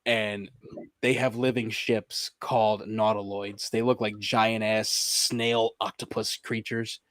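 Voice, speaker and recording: A man's voice: fairly low pitch, level tone, slow pace, fairly bright tone, no echo, studio quality. A man co-hosting a casual podcast, often laughing, restarting sentences and trailing off as he talks. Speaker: podcast co-host. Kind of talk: casual chat about video games.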